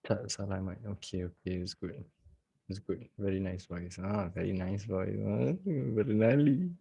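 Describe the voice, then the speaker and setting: Male trading teacher, low husky voice, unhurried, jokey live class on a video call. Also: mellow, lo-fi sound. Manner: joking, chatty, laughs often. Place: at home.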